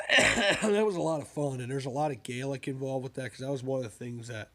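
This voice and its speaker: A man chatting casually about his own books, wandering off into side stories and asides as he goes. His voice sits in an ordinary middle pitch. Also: brisk, bright, forceful tone. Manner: rambling, with digressions and asides. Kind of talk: casual spoken monologue.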